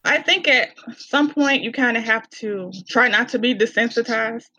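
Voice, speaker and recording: A woman with a Southern US accent, a podcast guest speaking in candid, animated casual chat and laughing often. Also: a little high, normal speed, dry recording, highs cut off. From Arkansas, US.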